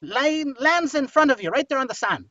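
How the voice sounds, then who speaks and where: A man doing a lively, mischievous young sidekick. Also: very high voice, moderate pace, no room sound, heavily acted. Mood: playful. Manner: teasing, spins silly stories. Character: playful, mischievous young male sidekick character. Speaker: co-host. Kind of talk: playful podcast banter. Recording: dry, slightly muffled podcast audio.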